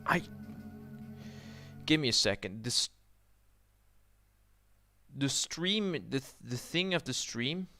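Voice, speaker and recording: Slow, rambling young man streaming games. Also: medium pitch, expressive, pushed and bright, soft background music. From Netherlands. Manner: rambling, trails off and restarts while fiddling with settings. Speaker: gaming streamer. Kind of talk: casual livestream commentary.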